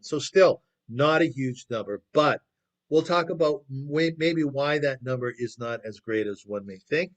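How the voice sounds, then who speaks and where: Conversational male lecturer on a video call. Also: mid-range voice. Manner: conversational, asks the audience questions. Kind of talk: storytelling lecture.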